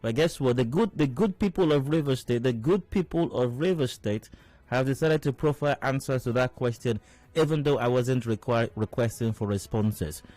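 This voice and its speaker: Wry radio host, rhetorical. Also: male voice, mid-range voice, normal speed, a little mellow, no echo. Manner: rhetorical, wry, repeats phrases for emphasis. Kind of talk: talk radio commentary. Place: radio studio.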